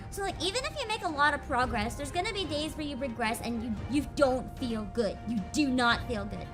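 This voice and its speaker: A woman streaming a video game, chatting casually and getting emotional, with loud outbursts and laughter. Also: sits high. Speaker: VTuber streamer. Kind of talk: casual game livestream chat.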